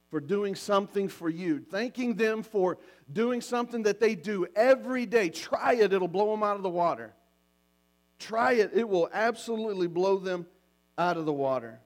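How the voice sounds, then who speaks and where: High-voiced pastor preaching with animated scenes. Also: male voice. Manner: animated, acts out little scenes. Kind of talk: sermon on marriage. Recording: mains hum.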